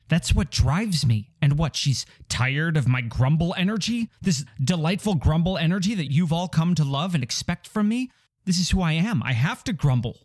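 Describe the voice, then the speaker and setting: A man's voice: a little high, lively intonation, moderate pace, darkish tone. A man hosting a comedy podcast, ranting in a grumbling, exasperated and wry way. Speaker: podcast host. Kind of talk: comic rant.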